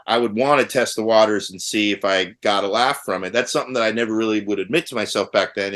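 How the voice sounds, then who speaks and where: Middle-aged guy rambling in casual chat, kinda low voice, lots of restarts. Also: a bit bright. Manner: rambling, many restarts, wry. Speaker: podcast co-host. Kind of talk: casual chat among old friends.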